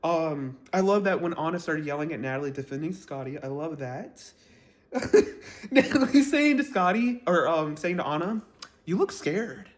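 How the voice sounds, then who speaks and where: A man's voice: a little high, expressive, moderate pace. Gossipy, blunt man in an echoey room. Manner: gossipy, blunt and rambling, with frequent fillers and laughs. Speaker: reality TV reviewer. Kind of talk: casual vlog commentary. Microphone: camera mic, talking to camera.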